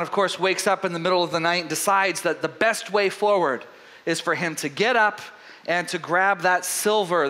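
Pastor guy preaching, lively storyteller, lots of restarts, high bright voice. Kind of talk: sermon.

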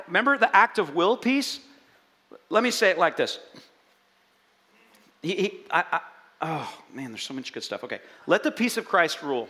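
A man preaching a sermon in an animated way, swinging between loud and soft. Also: high-pitched. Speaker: pastor. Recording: long hall reverb.

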